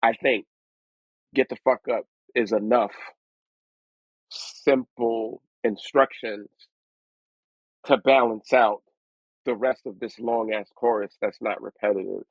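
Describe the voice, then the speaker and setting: A man being interviewed as a guest rapper, telling stories in a lively way and acting out other people's voices as he goes. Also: mid-range voice, slow pace, long pauses, husky, no room sound. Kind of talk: storytelling interview. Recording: dry, tinny phone-like line.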